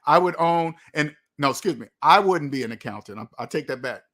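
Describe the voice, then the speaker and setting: A man hosting a livestream, answering viewers' comments in an emphatic way, slowing down to stress his points. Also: on the high side, animated, a bit bright. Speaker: livestream host. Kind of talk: live chat reading comments.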